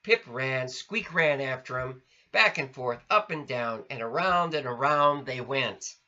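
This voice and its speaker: A man reading a children's storybook aloud in an expressive, sing-song way. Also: medium pitch, unhurried. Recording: lo-fi recording.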